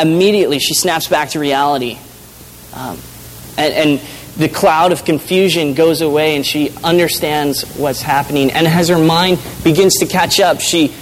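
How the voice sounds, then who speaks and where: A man preaching a sermon in an earnest, halting way, with frequent restarts and fillers. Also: on the high side, a little hiss or hum, low-quality recording. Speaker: pastor.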